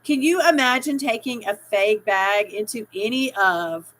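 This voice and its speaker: A woman's voice: medium pitch, a little slow, fairly bright tone, rough recording. A middle-aged woman hosting a casual live stream, rambling and reading out viewers' chat comments with easy laughter. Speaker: livestream host.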